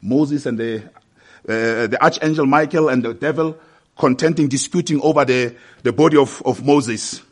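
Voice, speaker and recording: A man preaching a sermon at a mid-range pitch. He speaks in a measured way with small hesitations, then gains force and lift when he reads scripture aloud. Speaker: pastor.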